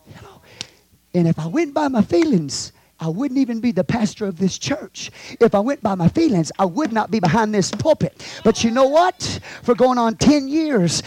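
A man preaching a fiery sermon as pastor of his church, swinging from hushed asides to shouts. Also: sits high, very animated, normal speed, husky, no room sound. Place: church sanctuary.

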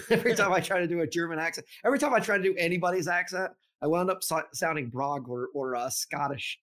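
A man's voice: on the high side, fast, fairly bright tone. A middle-aged man co-hosting a podcast in casual chat, rambling with many fillers and restarts. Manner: rambling, many ums and restarts, laughs often. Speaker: podcast co-host.

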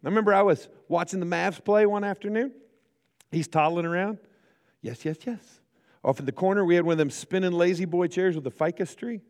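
A man's voice: sits high, fast talker, a little mellow. A middle-aged male pastor preaching a chapel sermon, joking and acting out the voices in his stories. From United States. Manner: storytelling, jokey, acts out quotes. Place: college chapel. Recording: reverberant hall.

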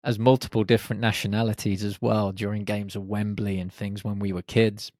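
A man hosting a reflective solo podcast, speaking in short, unhurried phrases. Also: fairly low pitch, flat delivery, a little mellow, no echo, studio quality. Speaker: podcast host.

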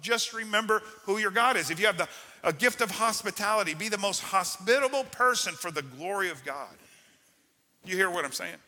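A man preaching a sermon as pastor, energetic and full of call-and-response to the congregation. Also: high-pitched, a little fast, in a large hall. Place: church sanctuary.

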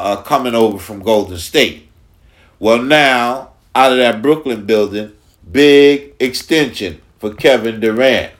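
Slow, emphatic New sports host. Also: male voice, medium pitch. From Long Island, New York. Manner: slow, emphatic, repeats phrases. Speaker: podcast host. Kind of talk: casual sports talk.

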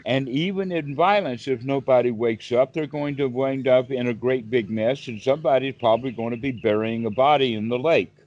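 A man gives a calm, patient Buddhist teaching on a video call, explaining step by step and repeating a word now and then while he thinks. His voice sits at an ordinary middle pitch. The call audio is somewhat dull and lo-fi. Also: normal speed, few pauses. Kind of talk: dharma talk on a group call.

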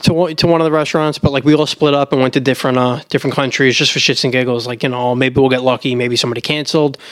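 A man in his thirties co-hosting a podcast, telling an animated story in casual chat. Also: mid-range voice, racing, dry recording. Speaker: podcast co-host.

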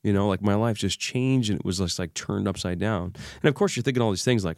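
A man as an interview guest, recounting a personal crisis in an animated way and acting out the dialogue he remembers. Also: on the low side, fast talker, hardly any pauses, no room sound, studio quality. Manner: animated retelling, acts out remembered dialogue, many fillers. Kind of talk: emotional personal storytelling.

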